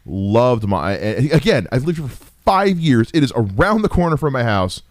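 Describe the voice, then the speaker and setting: A man's voice: medium pitch, normal speed, no room sound, clean studio sound. A man hosting a podcast, chatting casually and telling stories with frequent laughs and stammered restarts. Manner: animated storyteller, laughs often, stammers on restarts. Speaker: podcast host. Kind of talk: casual chat.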